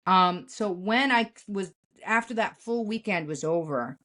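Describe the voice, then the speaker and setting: A woman's voice: mid-range voice, measured pace. A young adult woman co-hosting a podcast, telling a personal story bluntly, with lots of swearing and vivid retelling. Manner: blunt, profane, animated retelling. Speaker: podcast co-host. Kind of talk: candid storytelling chat.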